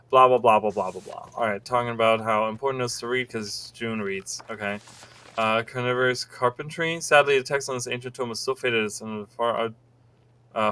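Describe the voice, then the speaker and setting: A man's voice: medium pitch, a bit bright. A man streaming a game, reading in-game books aloud with casual commentary. He is amused, laughs and swears, and stumbles over words as he reads.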